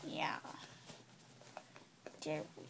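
A woman filming herself on her phone, softly hushing and soothing a baby while chatting casually to her viewers. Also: extremely slow, noisy background. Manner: soothing, hushing, often soft and whispery. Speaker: vlogger caring for a baby. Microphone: handheld phone.

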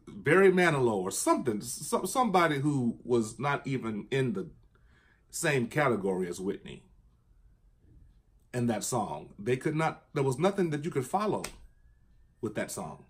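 A man chatting casually and enthusiastically about his record collection, at times singing along in a high falsetto. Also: very animated, a little slow, husky. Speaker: vinyl collector vlogger. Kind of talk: casual chat.

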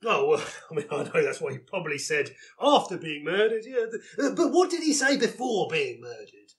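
Brief: man playing a pompous, bumbling inspector for a comedy sketch, high voice that swoops around, stammering bluster. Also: big pitch swings, fairly quick. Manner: blustering, stammering, chuckling at himself. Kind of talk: live comedy sketch reading.

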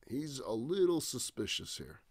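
A male rabbi teaching a Bible study class, reading verses aloud and retelling them in casual, expressive paraphrase. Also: medium pitch, unhurried, dry recording, studio quality.

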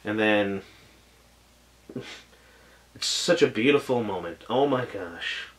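A man's voice: on the low side, animated, slow pace, fairly bright tone. A man giving a casual video review of an anime, gushing and rambling with lots of "like" and "oh my gosh", and getting choked up at times.

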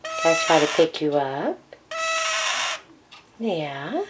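A woman's voice: sits low, sing-song, slow pace, loud music behind the voice. A woman filming her parakeets at home, narrating and coaxing them in soothing baby talk. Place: home with pet birds. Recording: home video with clear background noise and bird cries.

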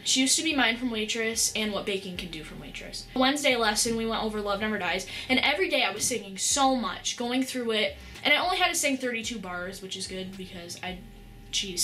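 A teenage girl vlogging, with a bright, forceful voice pitched a little high. She tells a story in a rush of excitement, rambling, filling it with "like" and stopping to restart her sentences. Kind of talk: casual storytelling vlog.

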